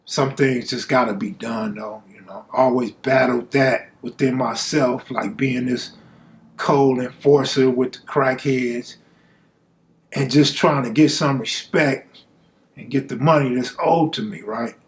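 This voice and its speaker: A man's voice: mid-range voice, fairly even intonation, a little slow. A man from Los Angeles telling a story from his own life in a casual, blunt and profane way, acting out the people he quotes. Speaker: live-stream storyteller. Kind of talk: casual first-person storytelling.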